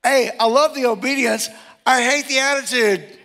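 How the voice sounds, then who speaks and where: Animated, gravelly pastor preaching a sermon. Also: male voice, extremely high pitch, normal speed. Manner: animated, jokey, acts out quotes.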